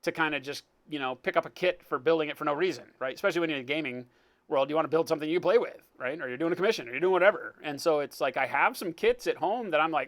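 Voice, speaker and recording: A man's voice: on the high side, rapid-fire, a bit bright. A man hosting a live painting stream, chatting casually, joking and greeting viewers by name. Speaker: livestream host, miniature painter.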